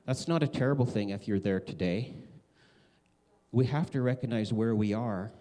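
A man preaching a conversational sermon, animated, acting out quoted voices with big swings. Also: fairly low pitch, normal speed. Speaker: pastor.

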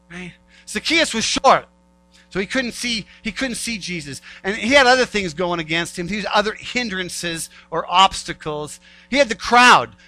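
A man's voice: sits high, pushed and bright, dry recording, rough recording. A male pastor giving a conversational sermon. He repeats key phrases and acts out the voices of doubters.

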